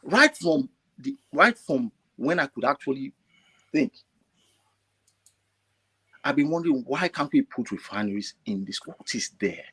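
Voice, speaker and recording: A man calling in over a video call, talking with strong feeling and pushing his pitch up as he gets emotional. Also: sing-song, measured pace, pauses often, pushed and bright, husky. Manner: impassioned, rising to high emotional pitch, repeats himself. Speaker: caller. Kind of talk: passionate online call-in talk.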